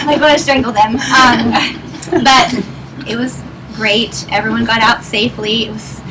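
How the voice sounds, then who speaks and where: Young woman, slightly high voice, chatty presenter telling stories to a group; recorded from a distance with clear background noise. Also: fairly even intonation, unhurried. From Northern Virginia. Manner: chatty, laughs through her stories. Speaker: presenter at a business meeting. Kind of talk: speaking to a live audience.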